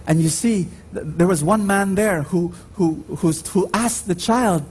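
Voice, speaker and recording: A man with a Filipino accent preaching a sermon in slow, emphatic phrases, his pitch swinging widely as he drives each point home. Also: a little mellow. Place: church. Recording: faint background noise on a radio live stream.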